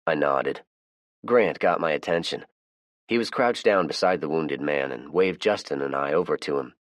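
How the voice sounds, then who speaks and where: A man narrating a first-person audiobook in a measured, plain storytelling manner. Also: a bass voice, dry recording, studio quality.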